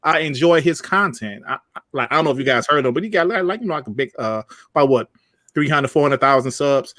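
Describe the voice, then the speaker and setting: A man hosting a podcast in loose, animated chat, his pitch swinging widely as he jokes. His voice sits a little high and comes across dry and close. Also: fast, no room sound. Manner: animated, joking, rambling with fillers. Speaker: podcast host. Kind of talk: casual chat.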